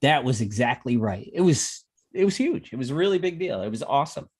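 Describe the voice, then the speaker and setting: A man's voice: mid-range voice, big pitch swings, brisk, husky. A man telling long stories in casual livestream chat, with many restarts and fillers. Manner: rambling storyteller with many restarts. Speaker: podcast co-host. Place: music industry veteran, former record store clerk.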